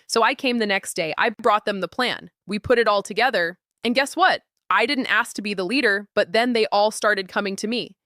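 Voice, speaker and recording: A woman giving a motivational talk on confident communication, lively and acting out the quotes in her stories. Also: medium pitch, a little fast, few pauses, dry recording, clean studio sound. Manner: animated, acts out quotes and stories.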